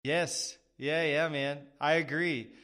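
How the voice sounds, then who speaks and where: Rambling podcast host, smooth voice. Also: male voice, a little high, fairly even intonation, slow, bright, forceful tone. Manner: rambling, self-deprecating, many fillers. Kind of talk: casual interview chat.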